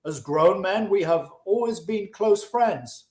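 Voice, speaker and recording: A man reads with passion as an earnest, discontented chariot maker, delivering old-fashioned English in an audiobook-style reading of a classic. His voice is pushed up to sit high, with an animated, slow delivery and a darkish tone. The recording has a roomy echo.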